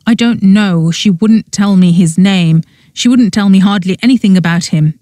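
A woman's voice: mid-range voice, normal speed, dark tone, no echo, close to an everyday voice. A woman reading the lines of a miserable, angry young man in an audiobook, sullen and bitter.

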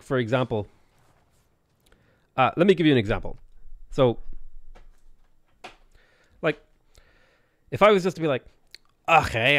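A man's voice: medium pitch, no room sound. A man chatting casually and jokingly as he livestreams a strategy game, rambling from topic to topic. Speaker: gaming streamer.

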